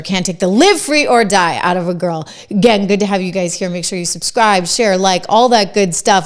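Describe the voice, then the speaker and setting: Talking straight to camera, this middle-aged host delivers political commentary in a conversational, emphatic style, tossing in quick asides. She has a New Hampshire accent and a mid-range voice.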